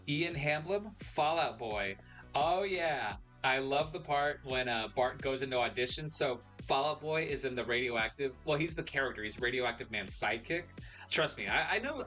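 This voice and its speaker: A man's voice: mid-range voice, pushed and bright. A young man hosting a casual live stream, rambling and correcting himself as he reads out chat messages.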